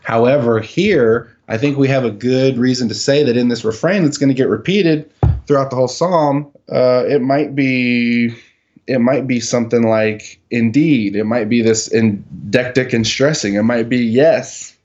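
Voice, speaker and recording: Leading a Hebrew reading session, a man questions his students pointedly and corrects their terms with dry humor in a casual exchange. He speaks at medium pitch and moderate pace, with a darkish tone and the highs cut off.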